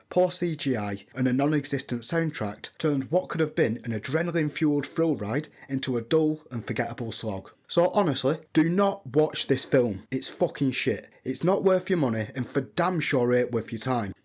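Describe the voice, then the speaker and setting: A man delivers a scripted film review at a steady, middle pitch. He is blunt and opinionated. He swears freely when he dislikes something. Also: brisk, hardly any pauses.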